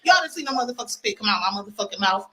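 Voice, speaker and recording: A woman's voice: medium pitch, expressive, very fast, fairly bright tone, poor audio. A woman on a livestream ranting defensively against rumors, indignant and full of cursing. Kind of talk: profane livestream rant.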